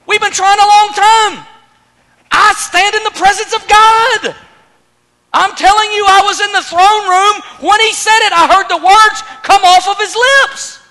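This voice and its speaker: Man shouting as the angel Gabriel, commanding. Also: very high voice, steady tone, measured pace, long reverb tail, pitched above the performer's own voice, heavily acted. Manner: shouting, emphatic declarations. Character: forceful male archangel, confronting and commanding.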